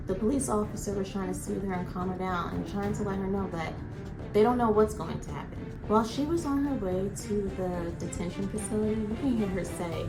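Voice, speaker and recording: A woman's voice: medium pitch, brisk, noisy background. A woman narrating a crime story in a casual, chatty way, with a slight lisp from her aligners. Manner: chatty, explains as she goes. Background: music.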